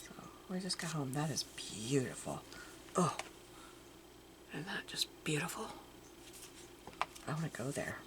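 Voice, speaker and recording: An older woman with a low voice that swings up and down as she talks, chatting about her craft finds. She muses aloud and at times drops to a near murmur. Steady background noise runs under the recording. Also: a little slow, pauses often. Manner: chatty, musing aloud, drifting into soft murmurs. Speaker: crafting vlogger. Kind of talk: casual show-and-tell chat.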